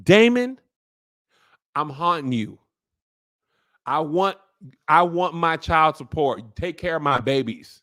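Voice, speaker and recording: A man's voice: on the high side, animated, takes it slowly, long pauses, sharp tone, full character voice. A man voicing a dead wife's ghost who nags her husband about their children. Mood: scolding. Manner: nagging, insistent. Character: dead wife's ghost, woman, scolding and demanding.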